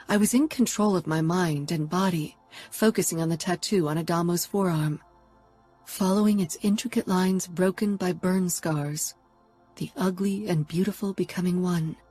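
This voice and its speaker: A woman reading a first-person romance audiobook in a steady, intimate narration. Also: on the low side, breathy edge.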